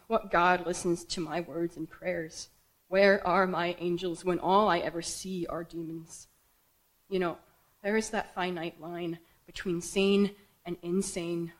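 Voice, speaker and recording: A woman's voice: on the low side, rough recording. Young woman telling a raw personal story. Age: young adult. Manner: raw, intense, emotional delivery. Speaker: writer telling her own story. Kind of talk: live personal storytelling performance. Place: theater stage before a live audience.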